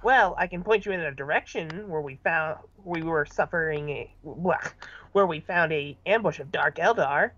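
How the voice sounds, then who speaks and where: A man's voice: on the high side, normal speed, fairly bright tone, dull audio. A man playing a tabletop game, talking casually and a bit hesitantly. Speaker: player. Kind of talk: tabletop role-play, casual.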